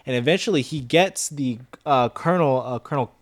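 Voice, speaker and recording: A man's voice: mid-range voice, brisk. A man co-hosting a film review podcast who explains things in a casual, hesitant way full of fillers. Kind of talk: casual chat.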